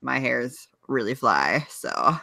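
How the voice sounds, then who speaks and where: A young man co-hosting a podcast, chatting casually, wry and quick to laugh. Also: mid-range voice, big pitch swings, vocal fry, bright, forceful tone, dry recording. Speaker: podcast co-host. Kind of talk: casual chat.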